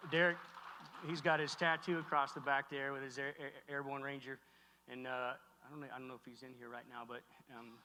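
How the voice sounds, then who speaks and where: A middle-aged man giving an emotional keynote speech on stage, halting and heartfelt, with many restarts. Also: on the high side, sharp tone. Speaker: keynote speaker. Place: large hall on stage. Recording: echoey hall recording.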